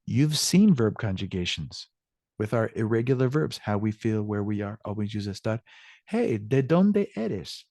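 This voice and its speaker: Man, Spanish teacher, recorded lesson, patient explanations, lowish voice, dry close sound. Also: normal speed, darkish tone, no room sound. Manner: explains patiently, answers student questions.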